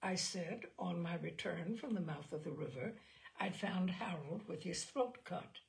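A woman reading the part of a composed young widow who calmly tells of a killing. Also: lowish voice, measured pace, creaky. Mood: coolly recounting. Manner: matter-of-fact, unrepentant telling.

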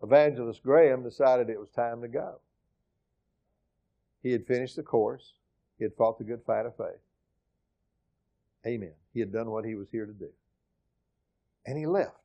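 A middle-aged man preaching a sermon as pastor, emphatic, swinging from loud exclamations to quiet asides. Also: mid-range voice, normal speed, creaky, long pauses, muffled recording. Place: church sanctuary.

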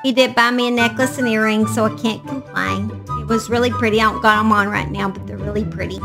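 A woman's voice: fairly high pitch, steady tone, fast talker, hardly any pauses, music in the background. A woman, hosting a true crime channel in a chatty, gushing way and talking straight to her viewers. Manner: warm-hearted, gushing, talks to viewers directly. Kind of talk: casual chatty vlog.

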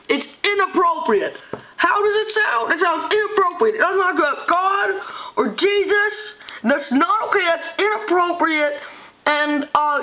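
A woman's voice: high-pitched, sharp tone, poor audio. A woman hosting her channel with a comedic rant to camera, stumbling, repeating herself and sounding earnest and indignant. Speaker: channel host.

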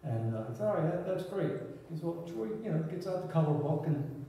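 A man's voice: fairly high pitch, expressive, brisk, mellow, a little hiss or hum. A man giving a eulogy, telling an upbeat story about a friend and laughing through it. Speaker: eulogy speaker. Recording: echoey hall from far off.

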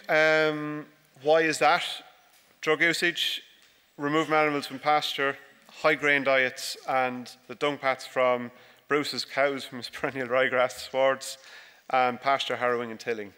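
A man, a dairy farmer, giving a relaxed, joking conference talk with many fillers and restarts, recorded by a stage microphone. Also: medium pitch, clear, resonant tone. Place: large conference hall. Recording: reverberant hall.

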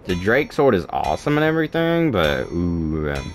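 A man's voice: on the high side, fast talker, faint music behind. A young man giving playful let's play commentary, chatting to the game and yelping at what happens. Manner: talks to the game, playful and excitable, yelps. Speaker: gaming video host.

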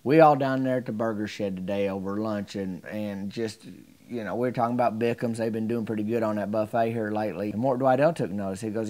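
A man telling a folksy comedic story to camera in a drawling, deadpan, chatty way. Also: on the low side, brisk.

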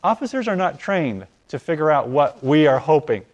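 A man telling a story in conversation, acting out the dialogue as his voice swings from loud to hushed. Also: fairly high pitch, moderate pace, dull audio. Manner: animated, acts out dialogue with voice rising and falling. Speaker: guest telling a testimony.

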